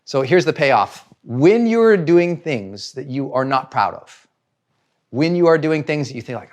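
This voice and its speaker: A middle-aged man gives a motivational talk on personal growth. His voice sits a little high for a man and swings widely in pitch. He keeps asking rhetorical questions and slips into the inner voices of the people he describes. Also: very animated, measured pace.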